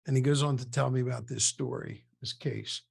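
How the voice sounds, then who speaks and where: A man, a sales coach, telling a case-study story in an animated way and acting out the people he quotes, over an online meeting. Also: medium pitch, brisk, gravelly, breathy edge. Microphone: online meeting with screen share.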